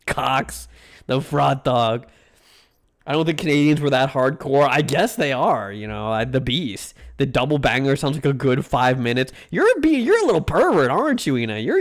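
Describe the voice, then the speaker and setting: A man streaming live, reacting to food pictures and chatting with viewers in a rambling, crude, joking way. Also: mid-range voice. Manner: rambling, crude jokey banter, drawn-out food names. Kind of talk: casual live-stream chat.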